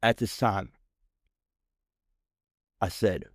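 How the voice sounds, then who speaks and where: Man, podcast host, heated rant, profane, mid-pitched voice, dry close sound. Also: expressive, normal speed, dry recording. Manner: heated, profane, keeps asking "right?". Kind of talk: ranting storytelling.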